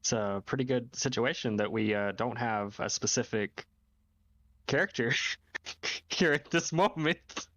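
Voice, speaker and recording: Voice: mid-range voice, measured pace, a bit bright, dry recording, dull audio. A player in a tabletop game over voice chat, playful and often laughing. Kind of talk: casual play over voice chat.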